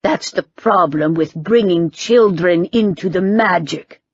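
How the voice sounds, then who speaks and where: A woman's voice: on the low side, unhurried, husky, no room sound, muffled recording. A woman voicing a stern, pompous older uncle who talks down to others. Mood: condescending. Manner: snappish, condescending.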